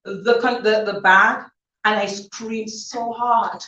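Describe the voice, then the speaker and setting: A woman giving a chatty, laughing thank-you speech to guests at her book launch, telling lively stories. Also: fairly high pitch, a little hiss or hum. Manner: chatty, laughing, animated storytelling. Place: event hall. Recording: dull, roomy, from far off.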